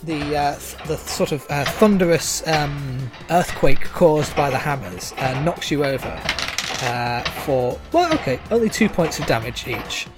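A man running a tabletop game as game master, describing scenes with many pauses and fillers. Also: fairly high pitch, animated, music in the background. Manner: hesitant, many uhs while describing scenes.

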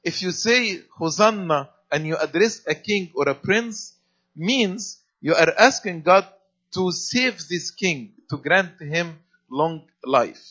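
A man's voice: high voice, lively intonation, slow pace, bright, forceful tone. Man preaching a sermon, lo-fi sound. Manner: explanatory, repeats phrases, some fillers. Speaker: priest. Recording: dull lo-fi sound.

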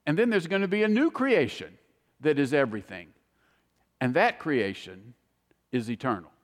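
A man preaching a sermon, telling stories with animated swings between soaring and hushed delivery. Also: on the high side, moderate pace, long reverb tail. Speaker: pastor.

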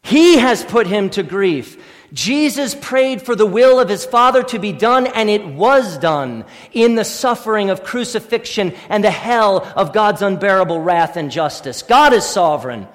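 High-voiced pastor preaching in a reverberant hall. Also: male voice, animated, a little slow. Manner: earnest, swings from hushed to forceful, repeats questions. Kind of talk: sermon.

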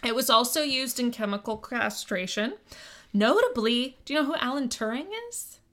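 A woman's voice: a little high, expressive, moderate pace, a bit bright. A woman from the United States co-hosting a podcast, casually explaining a history topic and swearing now and then. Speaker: podcast co-host. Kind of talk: casual chat.

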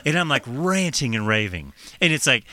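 A man casually telling a profane, animated story on a podcast, laughing as he goes. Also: mid-range voice, moderate pace.

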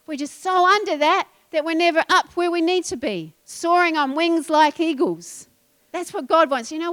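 Aussie lady pastor preaching, high voice, gets loud and emphatic then goes quiet. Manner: animated, emphatic preaching with shifts to quiet asides. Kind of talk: sermon.

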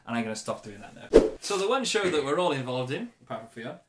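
A man hosting a casual podcast chat, telling stories in a chatty, animated way. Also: medium pitch, fast, over a noisy crowd. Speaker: podcast host.

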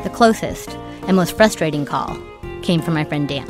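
A woman's voice: low voice, lively intonation, normal speed, over music. A woman hosting a podcast, narrating from a script with wry, dry humor. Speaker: podcast host.

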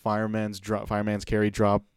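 A man co-hosting a casual podcast chat, rambling and stumbling over his words as he gets animated. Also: lowish voice, brisk, clean tone, no room sound, studio quality. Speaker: podcast co-host.

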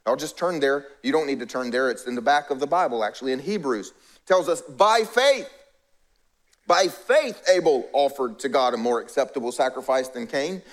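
A man preaching a sermon in a high, light voice. He speaks to the congregation in a conversational way. He acts out short lines for the characters in the stories he tells. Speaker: pastor.

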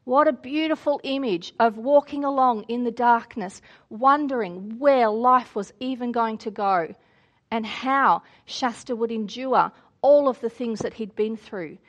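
A woman's voice: fairly high pitch, a little slow. A woman preacher giving a sermon, telling and reading a story in an earnest, reflective way.

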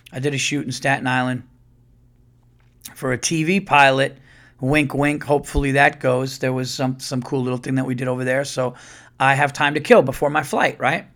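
A man hosting a podcast, telling a rambling, profane story in a casual monologue and quoting people as he goes. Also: mid-range voice. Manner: profane, rambling, animated retelling with quoted voices. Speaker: podcast host.

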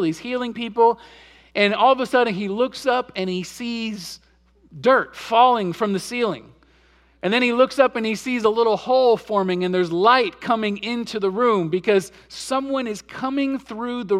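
High-voiced man preaching a sermon. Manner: storytelling preacher, swings between soft low passages and louder emphatic peaks. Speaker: pastor.

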